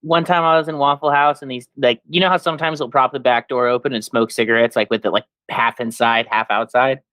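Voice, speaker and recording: A man co-hosting a casual podcast, telling stories in an animated way and jumping into high mock voices for quotes. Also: a little fast, no room sound. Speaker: podcast co-host.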